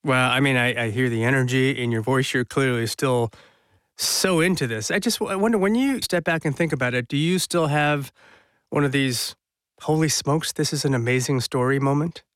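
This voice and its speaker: A man's voice: medium pitch, normal speed, a bit bright, no echo, studio quality. A man hosting a radio interview, asking curious, conversational questions. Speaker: radio show host.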